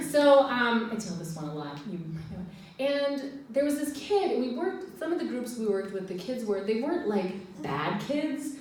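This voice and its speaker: A woman in her forties with an American accent, telling stand-up stories in a chatty, giggly way and acting out quotes in high voices. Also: a little mellow, a little hiss or hum. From United States. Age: 40s. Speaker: stand-up comedian. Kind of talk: stand-up storytelling. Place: live room with audience. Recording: distant mic in echoey room.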